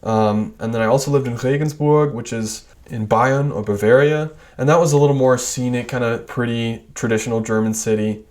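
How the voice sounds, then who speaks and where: A young American man with an American accent talks to camera in a chatty, loose vlog style. He often restarts his sentences and sounds amused at his own stories. His voice sits at an ordinary middle pitch. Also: steady tone, normal speed, few pauses, darkish tone. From United States. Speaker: vlogger. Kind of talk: casual storytelling to camera.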